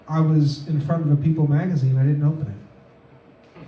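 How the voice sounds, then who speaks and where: A man doing a stand-up set in a comedy club, delivering deadpan one-liners with halting fillers. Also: fairly high pitch, distant mic, lo-fi sound. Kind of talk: stand-up set at an open mic. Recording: echoey room, mic heard from afar, faint noise.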